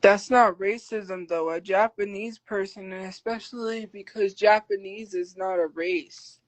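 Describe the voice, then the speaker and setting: A woman on a live stream, reading and answering chat comments as she goes. She talks loudly out of habit and pushes back hard and defensively. Her voice sits in a middle pitch. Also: fairly even intonation, unhurried, poor audio. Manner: defensive, argumentative. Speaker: livestreamer.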